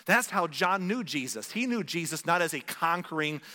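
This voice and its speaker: A man preaching a conversational sermon, asking rhetorical questions and slowing down for dramatic emphasis. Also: fairly high pitch, lively intonation, pushed and bright, in a large hall. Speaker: pastor.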